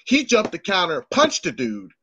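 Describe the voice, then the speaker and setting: Husky and sitting high, this middle-aged man's voice moves at normal speed with no echo. As a podcast host he tells stories in a casual chat, animatedly acting out quoted voices and cursing freely.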